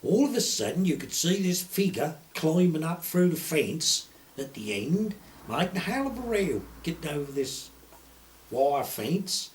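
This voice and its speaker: A man's voice: on the high side, very animated, unhurried. An older man with a broad Suffolk accent, telling rambling poaching tales in earthy, rural dialect with casual swearing. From Suffolk, England. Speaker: storyteller. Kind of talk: rambling anecdotal storytelling.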